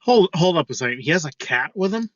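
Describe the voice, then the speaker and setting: A man's voice: on the high side, very animated, quick pace, dry recording, highs cut off. A man co-hosting a podcast, telling a crude work story in casual chat, swearing freely. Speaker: podcast co-host.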